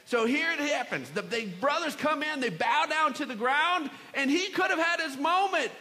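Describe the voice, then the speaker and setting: A man preaching a sermon in a church, acting out the scripture scenes with shouts and playful voices. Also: extremely high pitch, expressive, normal speed, in a large hall. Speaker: pastor. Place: large church hall.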